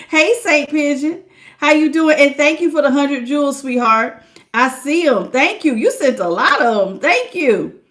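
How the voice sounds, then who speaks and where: Laughing high-voiced woman tarot reader. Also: expressive, unhurried, a bit bright. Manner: laughs often, slangy and playful; acts out imagined people's lines. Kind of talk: live tarot reading with chat greetings.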